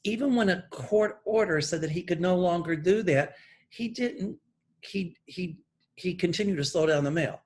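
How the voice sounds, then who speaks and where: A man's voice: sits high, darkish tone, breathy edge. A man working as a psychic, speaking straight to camera and reading channeled messages from his notes in an earnest, emphatic way. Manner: deliberate, pointed, emphatic political commentary. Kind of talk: earnest monologue read from notes.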